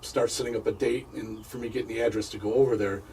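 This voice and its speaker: A man, a paranormal investigator, telling a personal story as a radio interview guest, halting and repeating words as he goes. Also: fairly low pitch, fairly even intonation, warm tone, recorded from a distance, a little hiss or hum, rough recording.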